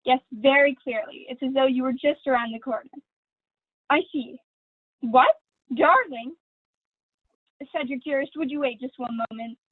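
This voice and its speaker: A woman's voice: sits high, moderate pace, long pauses, no room sound. A young woman playing a gushing, vain stage diva. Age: teens. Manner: theatrical, affected, honeyed. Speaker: student actor. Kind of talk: school play read over video call. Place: at home. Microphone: video call. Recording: dry, tinny video call audio.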